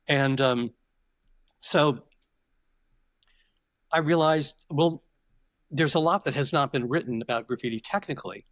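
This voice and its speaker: A mid-range voice, a little slow and marked by long pauses, comes across with no room sound. It belongs to an older man on a podcast who reflects and digresses as he tells stories in conversation, frequently restarting his sentences.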